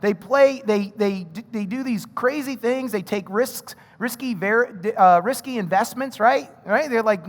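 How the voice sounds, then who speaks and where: High-voiced animated preacher man. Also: moderate pace. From North Carolina. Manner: animated storytelling, frequent "right?" asides. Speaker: pastor. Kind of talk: sermon. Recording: reverberant hall.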